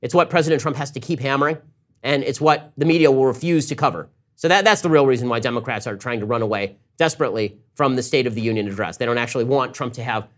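A man with a medium-pitched voice hosts a political commentary show, delivering a fast, sarcastic monologue. He mimics his opponents in quick asides.

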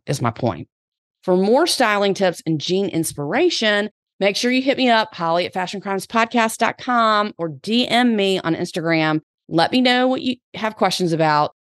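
A woman's voice: fairly low pitch, no room sound, clean studio sound. Chatty Southern woman podcast host. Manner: chatty, upbeat, slangy. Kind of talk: solo podcast chat.

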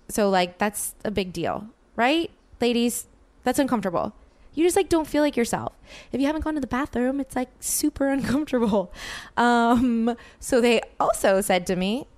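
A woman's voice: mid-range voice, moderate pace, clean tone. A woman hosting a podcast, telling a rambling story in casual chat, full of fillers and swearing. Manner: chatty, rambling, heavy use of fillers and swearing. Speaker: podcast host.

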